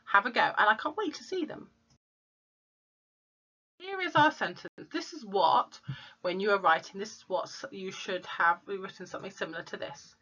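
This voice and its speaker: A woman teacher, slowly sounding out letters and words in a phonics lesson for young children. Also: medium pitch, expressive, bright, forceful tone, muffled recording. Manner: slow, clear sounding-out of letters. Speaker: primary school teacher.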